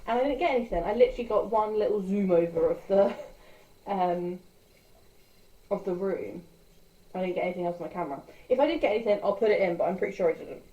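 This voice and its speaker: Young woman, casual vlogger, mellow and warm, chatty with lots of ums. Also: mid-range voice, fast talker, dull audio. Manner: chatty, rambling, with filler words. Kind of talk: casual vlog chat.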